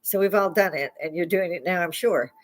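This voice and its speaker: Speaking fairly quickly in a lowish voice, an older Chicago woman chats casually on her live stream. She spins rambling stories into a lapel mic, frequently laughing partway through sentences.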